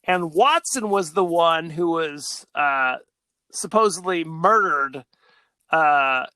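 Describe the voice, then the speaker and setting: High, bright-voiced male podcast host. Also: expressive, takes it slowly, dry recording. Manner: rambling, laughing, many fillers. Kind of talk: casual movie discussion.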